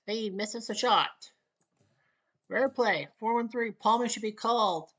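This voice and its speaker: A woman from Canada calling a basketball video game in casual solo play-by-play, with clipped calls and wry asides. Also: mid-range voice. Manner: clipped, rapid calls, wry asides, rising excitement near the end. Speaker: play-by-play commentator.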